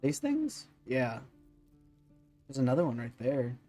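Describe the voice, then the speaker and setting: A man hosting a let's-play, musing out loud as he plays, with plenty of ums and restarts. His voice sits at an ordinary pitch, and faint game music plays under it. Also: huge pitch swings, measured pace. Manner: rambling and thinking aloud, with many fillers. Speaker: gaming channel host.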